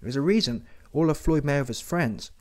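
A man's voice: on the high side, moderate pace, a little mellow. A man hosting casual commentary, slangy and mocking, who keeps tagging his lines with "yeah?". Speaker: host of a commentary channel.

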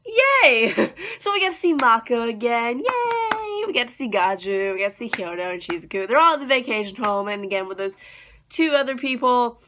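A woman's voice: a little high, lively intonation, a little fast, a bit bright, a little hiss or hum. A young woman chatting casually through an anime episode review, rambling and acting out her own reactions.

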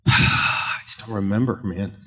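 A man's voice: on the low side, fairly even intonation, slow, sharp tone, slightly rough. A man in his fifties, an actor at a convention panel, answering fan questions with rambling, joking anecdotes.

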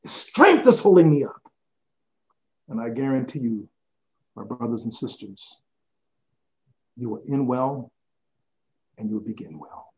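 A man preaching a sermon, telling a story with frequent restarts and repeated "he said", then leading a quiet closing prayer. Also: medium pitch, measured pace, pauses often, poor audio. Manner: storytelling, rising to excited shouting when quoting, then hushed in prayer. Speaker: pastor. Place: church broadcast.

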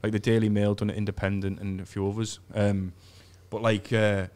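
A man's voice: on the low side, level tone, brisk, darkish tone. A young man, a comedian, telling a sweary story in a casual chat, with frequent restarts. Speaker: comedian guest. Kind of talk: casual anecdote.

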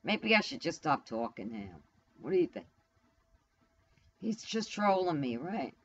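A woman's voice: low voice, very animated, a little slow, fairly bright tone, breathy edge, highs cut off. A woman live streaming from home in New York, rambling casually to her viewers, blunt and profane as she talks back to the chat. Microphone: camera mic.

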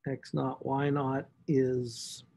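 A math instructor with a gravelly, mid-range voice draws out his words during a recorded class lecture. He works through equations aloud, talking to himself and stressing key terms with animated emphasis.

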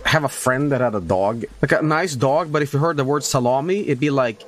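Joking man with a lively voice. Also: medium pitch, brisk, few pauses. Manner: joking, rambling, swearing. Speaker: streamer. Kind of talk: casual game commentary.

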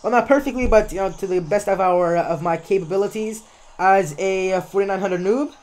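Talking briskly in a high, darkish voice, this man narrates his own gameplay live and casually. He chats through every move, frequently correcting what he's just said.

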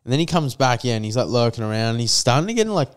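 A man's voice: medium pitch, very animated, rapid-fire, smooth. A man with an Australian accent, a podcast host telling a crude, profane story in casual chat and acting out the quotes.

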